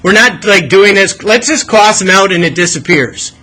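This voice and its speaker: A man's voice: high voice, lively intonation, moderate pace, pushed and bright, low-quality recording. A male math teacher leading a classroom lesson, coaxing students with questions and asking them to think aloud.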